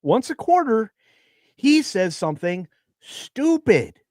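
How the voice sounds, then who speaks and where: A man's voice: sits high, big pitch swings, slow pace, a little mellow, no echo, clean studio sound. A man co-hosting a casual online pop culture show, rambling and hesitating with many fillers. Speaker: podcast co-host. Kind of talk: casual panel chat.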